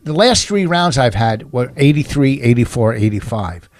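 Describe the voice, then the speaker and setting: A man's voice: mid-range voice, big pitch swings, moderate pace, dry recording. A middle-aged man telling a long story in loose, rambling chat, stopping and restarting his sentences. His voice sits in a middle range and sounds close and dry, with no room around it. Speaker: podcast co-host telling a story. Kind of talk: casual chat.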